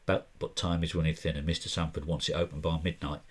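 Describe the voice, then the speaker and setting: Guy doing a low-voiced secretive cultist in a put-on accent, kinda husky, from a card game. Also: little pitch movement, fast. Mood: conspiratorial. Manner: quiet, conspiratorial reading with a put-on accent. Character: cagey male cult lodge member.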